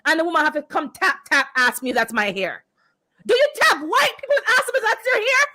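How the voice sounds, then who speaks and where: A woman's voice: very high voice, expressive, fairly quick, pushed and bright. A woman in casual chat, speaking emphatically and with exasperation, repeating words for force. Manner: emphatic, exasperated ranting with repetition.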